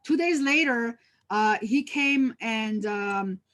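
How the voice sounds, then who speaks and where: A woman with a fairly high voice leads a webinar over a video call. She talks in a loose, conversational way, full of "um" and "uh" and restarted phrases. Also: slow pace, a bit bright. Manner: conversational, many fillers and restarts, tells personal stories. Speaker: workshop presenter. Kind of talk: live webinar presentation.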